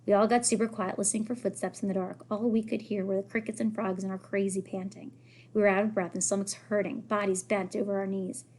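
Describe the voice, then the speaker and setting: A woman reads a children's novel aloud in a lively way. She lifts her voice when the characters speak. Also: mid-range voice, quick pace. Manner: lively, raises voice for characters' lines. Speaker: reader.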